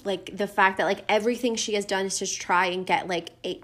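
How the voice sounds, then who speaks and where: Animated woman in a chatty book discussion. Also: mid-range voice, a little fast, a little hiss or hum. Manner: animated, emotional, says "like" a lot. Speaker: podcast co-host.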